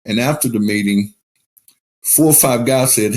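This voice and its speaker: A man speaking as a podcast guest, his voice at an ordinary middle pitch. He tells his story in an open, unguarded way and swears freely. The studio sound is close and clear. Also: normal speed, a little mellow. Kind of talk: casual recovery podcast talk.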